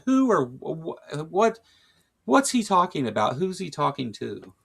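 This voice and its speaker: A man's voice: on the high side, very animated, a little slow, creaky, a bit bright, husky. A man co-hosting a casual political talk show, reading out quotes and laughing along. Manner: reads quotes aloud, laughs often. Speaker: podcast co-host.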